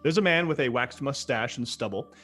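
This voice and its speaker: A man narrating as game master for a tabletop game, in a casual, halting way with many fillers. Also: mid-range voice, fairly bright tone, soft background music.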